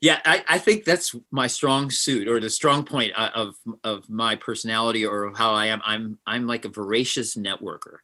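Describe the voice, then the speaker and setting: Brief: guest musician, bright forceful voice, lively anecdotes, plays out every quote. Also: male voice, lowish voice, normal speed, hardly any pauses. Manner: animated, acts out quotes. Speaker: session guitarist, guest. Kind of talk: interview storytelling.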